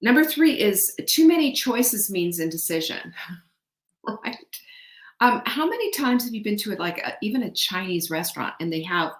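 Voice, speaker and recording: A woman's voice: medium pitch, lively intonation, normal speed. A middle-aged woman hosting a motivational talk, chatty and often putting questions to her audience. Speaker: host. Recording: echoey room.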